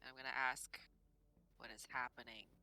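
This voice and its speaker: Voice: mid-range voice, level tone, moderate pace, sharp tone, faint music behind, poor audio. A playful player speaking in a tabletop role-playing game.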